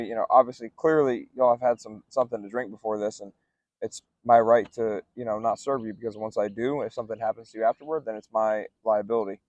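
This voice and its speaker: A young man telling a story casually as podcast co-host, loose and animated, with lots of "like" and "dude". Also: mid-range voice, no room sound, dull audio. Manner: animated, acts out other people's lines in raised voices; laid-back, says "like" and "dude" a lot.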